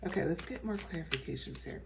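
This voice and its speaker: Woman tarot reader, casual and reassuring, slightly low voice, mic set back a bit. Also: expressive, fast, creaky, far from the mic, background noise. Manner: chatty and reassuring, full of fillers and restarts. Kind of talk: casual pick-a-card tarot reading.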